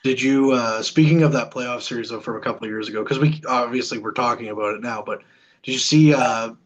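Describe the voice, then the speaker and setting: A man hosting a casual podcast interview, animated and quick to laugh. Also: medium pitch, lo-fi sound. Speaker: podcast host.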